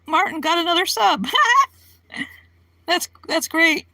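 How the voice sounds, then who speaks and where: A high, bright-voiced woman chats with her live-stream viewers, rambling from thought to thought and giggling often. Her voice is crisp and sits close and dry in the recording, with no room around it. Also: takes it slowly, no echo. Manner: rambling, giggly, laughs often between remarks.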